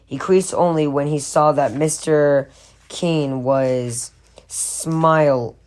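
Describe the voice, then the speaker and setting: A woman reading a horror novel aloud, steady with occasional stumbles and restarts. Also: sits low, slow. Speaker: audiobook reader.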